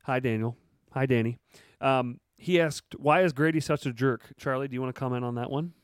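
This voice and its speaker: A man's voice: mid-range voice, a little fast, smooth, no room sound, clean studio sound. A man hosting a casual podcast, joking around and reading listener questions aloud. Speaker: podcast host.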